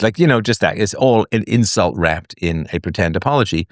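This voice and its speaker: A man's voice: fairly low pitch, animated, brisk, hardly any pauses, dry recording, studio quality. A man hosting a live call-in philosophy show, talking in a reflective, digressive and wry way.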